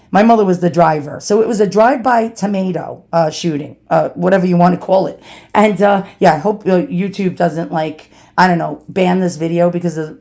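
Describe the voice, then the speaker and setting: A woman's voice: mid-range voice, darkish tone. A woman from New City, casually telling a personal story and acting out the people in it. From New York City. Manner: chatty, acts out quoted people. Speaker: storyteller vlogger.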